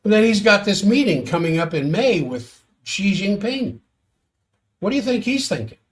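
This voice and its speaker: Man, fairly high voice, solo commentary, sardonic, exasperated. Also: sing-song, normal speed. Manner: exasperated, sardonic, reads out quotes. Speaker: commentator on world affairs. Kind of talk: solo political commentary stream.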